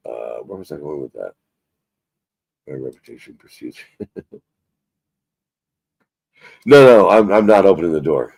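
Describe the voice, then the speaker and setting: Deep-voiced rambling profane man. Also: vocal fry, a little mellow, breathy edge, dry recording. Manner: rambling, profane, self-mocking. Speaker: livestream host. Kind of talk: casual live stream chat.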